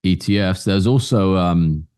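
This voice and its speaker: A man's voice: deep voice, a little slow, darkish tone, dry recording, studio quality. A man co-hosting a casual podcast chat, talking loosely and informally, hedging with "like" and "I think". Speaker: podcast co-host.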